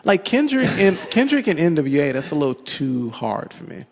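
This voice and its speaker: Gravelly, lively-voiced man, playful. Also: a little high, normal speed, big-room sound. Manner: playful, chuckling, musing. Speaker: podcast co-host. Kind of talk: casual chat.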